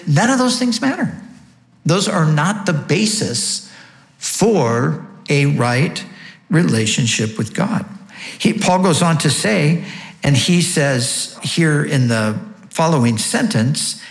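A man preaching with a lively, swooping delivery, his voice climbing high on rhetorical questions and then falling low to land a point. He sits a little above the usual pitch for a man, and the room around him rings with a noticeable echo. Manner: emphatic, rhetorical questions, sweeping pitch rises. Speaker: pastor. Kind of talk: sermon.

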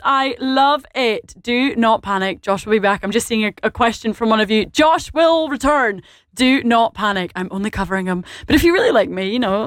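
A woman's voice: on the high side, no echo, clean studio sound. A young woman with a Scottish accent presenting a live radio show, bubbly and enthusiastic as she talks straight to her listeners. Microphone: studio microphone.

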